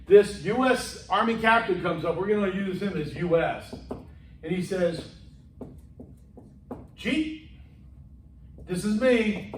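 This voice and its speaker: Male instructor lecturing in a classroom, conversational, high voice, echoey room. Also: normal speed, a little hiss or hum. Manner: conversational, acts out dialogue, frequent okays. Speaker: college instructor. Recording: echoey room, mic far off.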